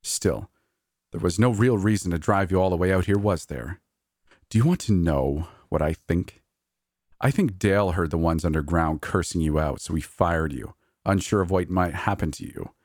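A man voicing a sly, scheming male creature in a horror story, speaking slowly and mockingly. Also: low-pitched, darkish tone, no room sound, clean studio sound. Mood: smug, scheming. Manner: slow, deliberate, mocking. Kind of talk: horror audiobook reading.

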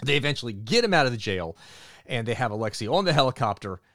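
A man co-hosting a podcast, recapping a film in an animated storytelling way. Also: mid-range voice, quick pace, no room sound, studio quality. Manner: animated storytelling, acts out character quotes. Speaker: podcast co-host. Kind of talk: movie review recap.

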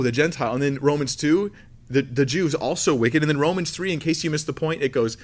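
A man's voice: on the high side, quick pace. A man teaching on Scripture in a casual, conversational way, joking and restarting phrases. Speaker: Bible teacher.

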